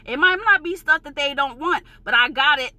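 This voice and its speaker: Heated, high-voiced New York woman ranting. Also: brisk, sharp tone. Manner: heated, emphatic and profane, insisting she is passionate, not angry. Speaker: vlogger. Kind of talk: ranting vlog.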